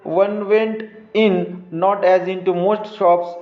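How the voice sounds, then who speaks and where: A man with an Indian English accent, teaching a class by reading a story aloud and explaining word meanings, slow and halting, with many fillers and restarts. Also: sits high, fairly even intonation. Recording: roomy, dull lo-fi recording.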